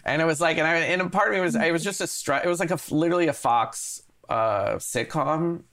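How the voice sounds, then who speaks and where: Brief: gravelly-voiced man in his forties, a guest in a relaxed chat, rambling and animated with frequent restarts. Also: on the high side, fairly quick. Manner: rambling, self-interrupting, animated. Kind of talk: casual interview storytelling.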